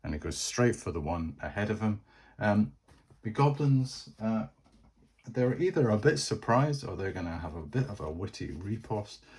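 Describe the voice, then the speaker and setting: A man's voice: fairly low pitch, sing-song, normal speed, darkish tone, husky. A man narrating a solo board game, chatty and thinking aloud as he plays.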